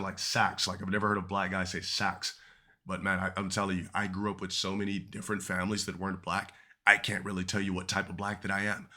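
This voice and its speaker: Male streamer, deep and bright-toned, casual profane monologue that wanders. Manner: rambling, profane, trails off mid-thought. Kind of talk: casual rant to chat.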